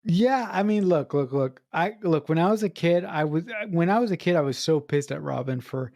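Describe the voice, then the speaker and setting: A woman's voice: fairly low pitch, expressive, normal speed, dark tone, dry recording. A woman co-hosting a casual movie-review podcast who chimes in with incredulous, emphatic remarks and swears for emphasis. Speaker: podcast co-host.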